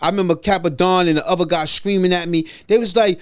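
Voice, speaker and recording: A middle-aged man hosting a podcast, telling stories in a casual, animated way and acting out the voices of people he quotes. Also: high voice, quick pace, hardly any pauses, smooth, no echo. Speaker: podcast host. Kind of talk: casual storytelling conversation.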